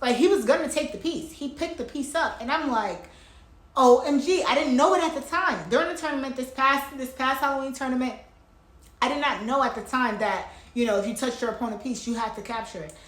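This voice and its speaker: A woman talking casually through one of her own chess games, excited and repeating herself for emphasis. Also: sits high, fairly quick. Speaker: chess player. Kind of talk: casual chess vlog commentary.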